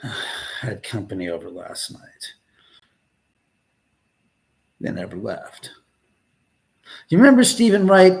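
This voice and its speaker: A man hosting a live paranormal stream from a house said to be haunted, joking and swearing casually as he talks to the spirits. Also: medium pitch.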